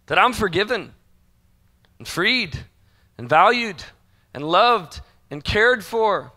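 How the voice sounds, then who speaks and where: Male pastor, sermon, high and bright tone, chatty preaching that voices listeners' doubts. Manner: conversational preaching, acts out quoted inner voices.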